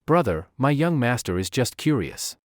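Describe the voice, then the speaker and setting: A man voicing a quick-witted servant coaxing a guard in a friendly way. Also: medium pitch, sing-song, dry recording, clean studio sound, natural voice. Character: quick-witted smooth-talking male servant.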